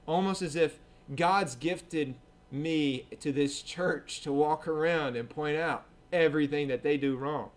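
A man with a fairly high voice delivers a sermon in church. His talk is casual and conversational. He acts out quoted voices and keeps asking the congregation "right?". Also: measured pace. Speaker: preacher.

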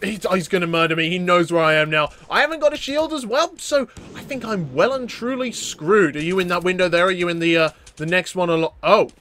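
A young man giving casual, jokey commentary while playing a shooter game, excitable and often stammering over his words. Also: sits high, brisk, hardly any pauses, slight background noise. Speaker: gaming YouTuber.

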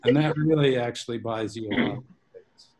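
A man speaking over a video call, an author talking with a book club. He tells winding, self-aware stories and drifts off on tangents. His voice sits at an everyday middle pitch. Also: brisk, a little mellow. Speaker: guest author. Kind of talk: storytelling in a book club discussion.

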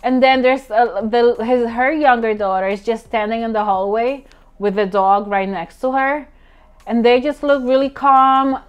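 A woman's voice: a little high, steady tone, a little slow, smooth, dull audio. A woman in a casual vlog, chatting animatedly through a film review with fillers and laughs.

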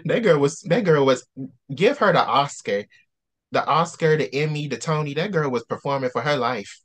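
A man hosting a casual book discussion, animated and ranting in preacherly outbursts. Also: fairly high pitch, moderate pace.

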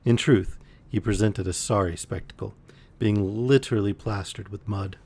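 A man reading a novel aloud on a live stream, relaxed, with the odd slip and restart. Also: lowish voice, normal speed, husky. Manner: relaxed, with occasional slips and restarts. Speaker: audiobook reader on a live stream. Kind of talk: reading a novel aloud, voicing characters lightly.

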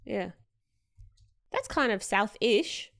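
A woman's voice: medium pitch, animated, takes it slowly, vocal fry, a bit bright. A woman co-hosting a podcast in casual chat, playful and a little distracted, giggling between lines. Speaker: podcast co-host.

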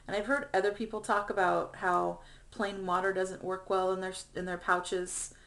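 A woman's voice: medium pitch, flat delivery, moderate pace, gravelly, fairly bright tone. Chatty woman with lots of ums. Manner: chatty, frequent ums, earnest. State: emotional, near tears. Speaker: vlogger. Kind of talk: personal video diary.

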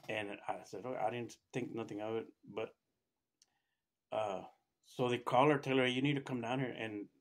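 A middle-aged man casually telling a personal story, rambling with restarts and acting out what others said by raising his pitch. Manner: rambling, acts out quoted voices with raised pitch, many restarts. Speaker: storyteller recounting his own experience.

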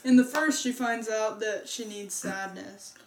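Slow, earnest woman retelling a plot. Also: mid-range voice. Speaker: movie reviewer, co-host. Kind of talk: casual movie review chat.

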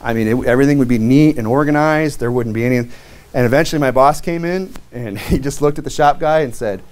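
A man's voice: mid-range voice, a little fast, darkish tone. A middle-aged man, a deacon, preaching a sermon in a loose, conversational way, telling stories from his old jobs and often asking "right?". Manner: conversational, anecdotal preaching with frequent "you know" and "right?". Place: church sanctuary.

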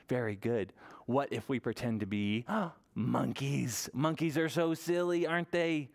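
A man leading a library toddler story time, singing action songs and reading aloud in an animated sing-song way to small children. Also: medium pitch, a little slow, gravelly.

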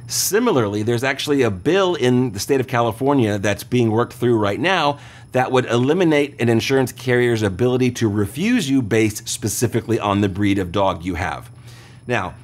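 Radio host guy, chatty, walks you through it step by step, medium voice. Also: mid-range voice. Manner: conversational, explains step by step, checks in with listeners. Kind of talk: call-in radio advice talk.

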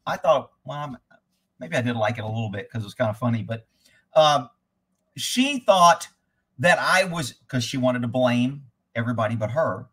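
A man's voice: mid-range voice, very animated, normal speed, a bit bright, breathy edge. A man who trains horses, giving blunt, rambling live commentary over riding footage and swearing freely.

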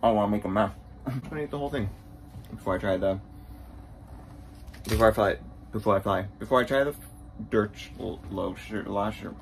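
A man on tour as a bassist, chatting straight to the camera in a casual travel vlog and poking fun at himself. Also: quick pace, long pauses, slight background noise. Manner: chatty, self-mocking, talks straight to camera. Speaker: touring bassist.

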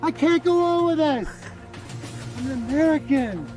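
A distraught patriot from a film speaks in a very high, loud and overwrought voice. Music plays behind him. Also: male voice, lively intonation, moderate pace. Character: distraught man declaring love of his country.

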